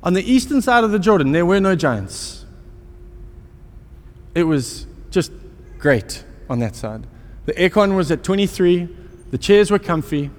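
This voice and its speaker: A man preaching a sermon in a fairly high voice, mixing self-mocking stories with rhetorical questions. His words carry a long reverb, as if spoken in a large hall. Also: big pitch swings, a little slow. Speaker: pastor.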